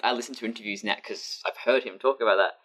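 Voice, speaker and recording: Lively woman guest. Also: a bass voice, fast talker. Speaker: podcast guest. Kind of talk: casual chat.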